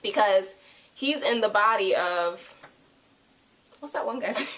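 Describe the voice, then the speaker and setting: A young woman reviewing a TV episode in a casual, rambling chat to camera, full of "like" and quick asides. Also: mid-range voice. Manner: rambling, animated, lots of "like".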